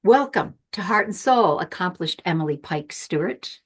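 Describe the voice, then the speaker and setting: A woman hosts a friendly podcast over a video call, chatting easily and laughing at her own asides. Her voice sits a bit low. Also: expressive, moderate pace, breathy edge. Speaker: podcast host.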